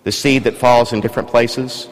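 A man's voice: medium pitch, flat delivery, moderate pace, vocal fry. A man preaching a sermon in a large church, talking casually and drawing the congregation in with questions. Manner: conversational, engages congregation with questions. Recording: long church reverb.

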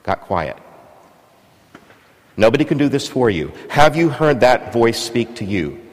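A man's sermon in a big church comes across as conversational, and he keeps engaging the congregation with questions. He speaks a little slowly in a medium-pitched, sing-song voice, and the sound echoes at length.

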